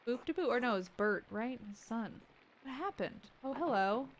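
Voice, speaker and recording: A woman streaming a game, reading its dialogue aloud and breaking off into joking asides and soft muttered remarks. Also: fairly high pitch, lively intonation, moderate pace, slight background noise. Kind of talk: let's-play commentary.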